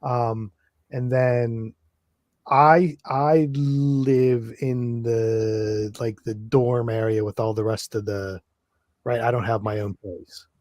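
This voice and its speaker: A man's voice: medium pitch, steady tone, takes it slowly, darkish tone, no room sound, clean studio sound. A man playing a tabletop game, thinking aloud hesitantly with many restarts. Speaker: player.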